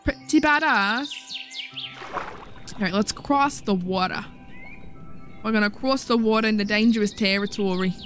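Over soft background music, a woman hosts a casual let's-play video, chatting playfully to herself as she plays. Her voice is mid-range and her speed normal.

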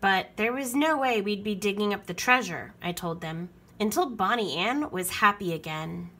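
Lively, breathy woman reading a storybook. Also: mid-range voice, normal speed. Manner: expressive storytelling. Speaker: children's book reader. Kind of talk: reading a picture book aloud.

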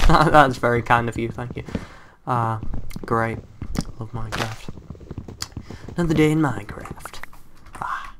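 A young man giving excitable, chatty commentary on a game he is playing, often exclaiming and talking to creatures in it. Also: fairly high pitch. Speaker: gameplay commentator. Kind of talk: casual let's-play commentary. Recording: faint background hiss and typing clicks.

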